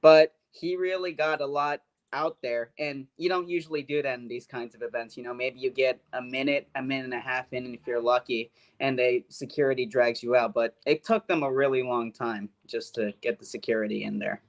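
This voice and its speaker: A man's voice: mid-range voice, fairly even intonation, brisk, hardly any pauses. A man guesting on a talk show, recounting an event in a chatty, casual way. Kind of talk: casual remote interview.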